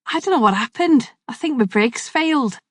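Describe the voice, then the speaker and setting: A woman's voice: sits high, lively intonation, normal speed, no room sound, clean studio sound, voice pushed up. A woman doing a chatty Scouse man. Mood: shaken. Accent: Liverpool. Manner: chatty and matey, groaning. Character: injured middle-aged Liverpool man, chatty, friendly.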